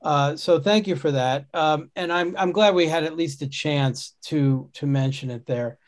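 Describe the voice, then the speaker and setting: A man's voice: fairly high pitch, unhurried. A man hosting a casual podcast conversation, talking in a rambling way with many restarts and fillers. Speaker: podcast host.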